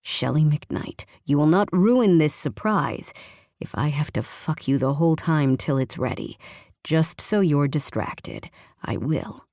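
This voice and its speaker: A woman voicing a possessive, teasing husband who gives hushed, half-whispered commands. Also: low voice, lively intonation, measured pace, dry recording, studio quality. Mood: commanding.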